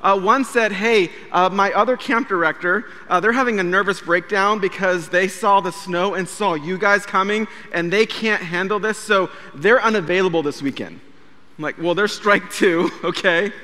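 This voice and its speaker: Bright, high-voiced male pastor preaching. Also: moderate pace, long reverb tail. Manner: animated, acts out quoted dialogue. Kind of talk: sermon with storytelling. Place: church sanctuary.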